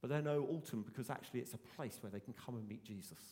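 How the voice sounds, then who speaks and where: A man's voice: medium pitch, fast, darkish tone, in a large hall. A man, preaching a sermon in an earnest, emphatic way and repeating his key phrases. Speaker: pastor.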